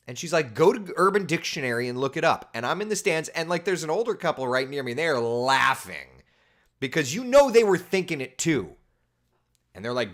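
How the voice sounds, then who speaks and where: A man, chatting casually as a weather host and reading out viewer comments with animated, incredulous asides. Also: mid-range voice, fairly quick. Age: 30s.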